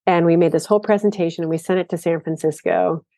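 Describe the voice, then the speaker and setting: A woman guest in an interview, telling stories about her design work in a lively, enthusiastic way. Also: lowish voice, fast talker, dry recording. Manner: storytelling, enthusiastic. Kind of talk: casual interview talk.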